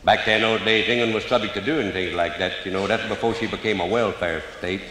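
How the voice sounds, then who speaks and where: A man's voice: fairly low pitch, brisk, background noise. An older man with a thick Cajun accent spins folksy tales before a live audience, drawling and bending his grammar on purpose. His voice rings through a roomy hall with a long reverb tail, and a faint room murmur sits underneath. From Louisiana. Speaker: storyteller. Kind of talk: live comedy storytelling.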